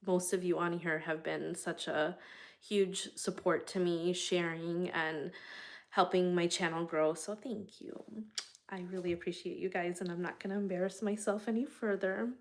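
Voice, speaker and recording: A woman's voice: on the low side, steady tone, normal speed. A woman in her thirties, a mother hosting her own channel, rambling chattily to viewers on a casual live stream from her bedroom. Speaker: channel host.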